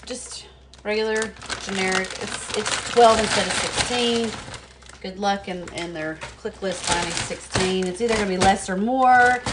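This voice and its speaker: A woman with a drawl talks her way through a cooking vlog, casual and self-amused. Her voice sits at an ordinary middle pitch. Plastic bags crinkle and kitchen clatter sounds clearly behind her. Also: normal speed, noisy background. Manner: chatty, talks to herself while working, laughs at herself. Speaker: cooking vlogger. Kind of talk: casual cooking demo chat. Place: home kitchen.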